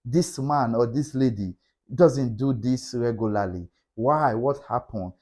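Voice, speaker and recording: In an unhurried, medium-pitched voice with a darkish tone, a middle-aged man gives a motivational talk on relationships. He is emphatic and repetitive, restating key points in a preacher-like rhythm.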